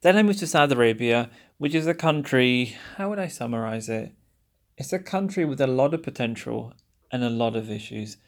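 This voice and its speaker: A man's voice: medium pitch, animated, a little fast. A young man from England hosting a podcast, talking in a casual, wry monologue and acting out the exchanges he quotes. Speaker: podcast host.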